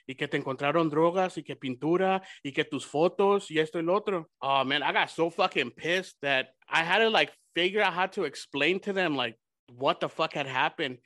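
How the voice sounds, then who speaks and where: A young man hosting a podcast, telling a profane, animated story full of quoted dialogue, casually mixing English and Spanish. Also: a little high, brisk, no echo. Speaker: podcast host.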